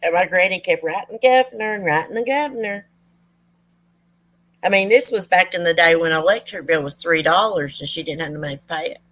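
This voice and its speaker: A woman's voice: lowish voice, a little fast, fairly bright tone. A woman talks to her viewers as a channel host. She tells family stories in a folksy, rambling way, full of asides and side remarks. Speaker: true crime channel host. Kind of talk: casual storytelling to viewers.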